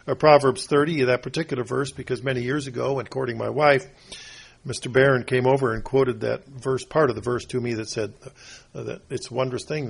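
An older man preaching a rambling, homespun sermon, often pausing to clear his throat. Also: mid-range voice. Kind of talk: folksy sermon.

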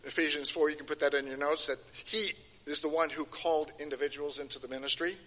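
A man's voice: fairly high pitch, fairly even intonation, fast talker, pushed and bright. An older man giving a sermon, emphatic and repeating key phrases, his voice rising and falling. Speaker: preacher. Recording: long hall reverb.

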